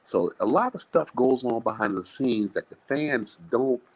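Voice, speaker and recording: A man, a boxing trainer, telling blunt, animated stories with plenty of swearing in a live interview. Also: medium pitch, a little slow, low-quality recording. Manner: animated, blunt, profane storytelling.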